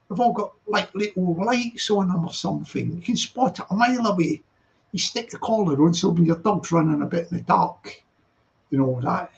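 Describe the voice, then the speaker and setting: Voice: medium pitch, vocal fry, muffled recording. A live stream host, rambling and chatty while reading viewer comments late at night, laughing often.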